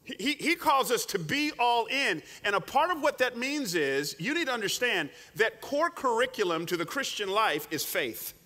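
Animated male preacher in a reverberant hall. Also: extremely high pitch, normal speed, few pauses. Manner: animated storytelling with repeated restarts. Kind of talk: sermon.

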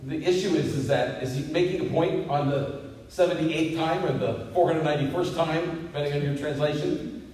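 A man preaching a sermon in a fairly high voice, with emphatic lines that surge upward into loud, ringing peaks. He stands well back from the microphone in a big, echoing church hall where his words trail off into a long reverb. A faint hiss sits under the recording. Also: moderate pace. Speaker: pastor. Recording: echoey hall, distant mic, faint hiss.

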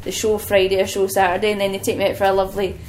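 A young woman, a wrestler, telling lively stories as an interview guest and laughing often. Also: medium pitch, very fast, a little hiss or hum, poor audio. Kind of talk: casual anecdotal storytelling.

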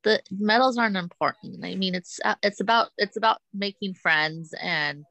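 A woman from the United States, a guest athlete in a casual interview, speaking earnestly and haltingly and often repeating herself. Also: medium pitch, bright, forceful tone, no room sound, rough recording.

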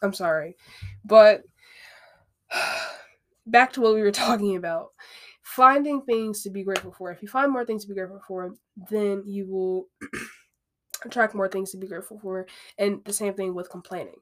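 A woman's voice: medium pitch, moderate pace, pauses often, fairly bright tone. A woman hosting a podcast, talking through self-help advice in a candid, conversational way, with frequent asides and repeated phrases. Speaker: podcast host. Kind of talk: casual self-help monologue.

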